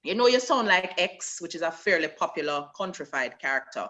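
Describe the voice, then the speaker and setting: Bright-voiced Jamaican woman, animated. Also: fairly low pitch, brisk. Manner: animated storyteller, slips into patois. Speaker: actress interviewee. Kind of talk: conversational interview.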